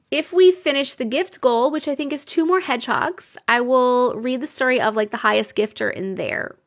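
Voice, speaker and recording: A woman with a New York accent hosting a casual live stream, chatting with viewers, exclaiming and laughing often. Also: on the high side. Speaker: live stream host reading viewer stories.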